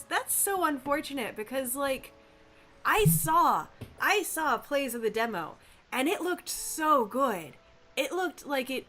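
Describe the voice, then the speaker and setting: A woman with a fairly high voice hosts a live game stream, talking casually to her chat. She is animated and playful, reacting quickly to whatever viewers type in.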